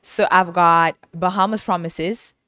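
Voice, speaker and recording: A woman's voice: lowish voice, fairly even intonation, unhurried, pushed and bright, dry recording, studio quality. A woman hosting a podcast, telling stories in a casual, chatty way, laughing often and playfully teasing. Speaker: podcast host. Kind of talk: casual storytelling monologue.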